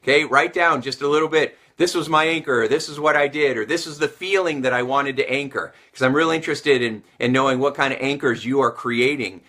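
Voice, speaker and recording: Bright, energetic male motivational coach. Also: mid-range voice, fairly quick, few pauses. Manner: energetic, repeats phrases for emphasis. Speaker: sales and communication coach. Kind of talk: motivational teaching to camera.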